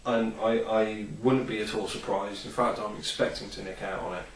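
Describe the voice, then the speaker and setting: A man's voice: lowish voice, steady tone, moderate pace, a little hiss or hum. A man reviewing a product in a casual, rambling vlog, full of ums and enthusiasm. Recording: roomy, distant from the mic.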